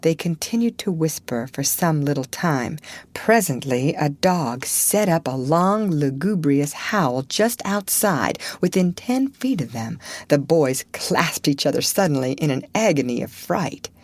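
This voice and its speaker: Slow, low-voiced woman narrator. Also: animated, darkish tone, dry recording. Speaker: audiobook reader. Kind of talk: scripted narration.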